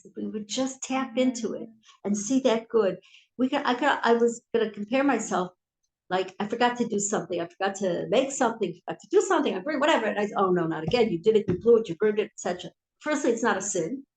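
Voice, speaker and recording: A woman leading an informal Torah class, telling stories and swinging between soft asides and emphatic lines. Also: medium pitch, brisk. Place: historic synagogue hall. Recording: echoey room.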